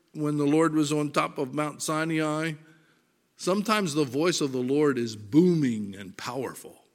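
A man preaching a sermon, reading scripture aloud with deliberate emphasis, swelling loud on verses and dropping soft and low. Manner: slow, deliberate delivery, rising loud on verses and dropping to near-whisper.

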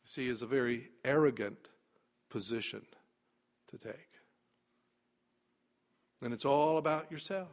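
A man preaching a sermon, emphatic, dropping quiet and then rising loud. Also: medium pitch, unhurried, pauses often.

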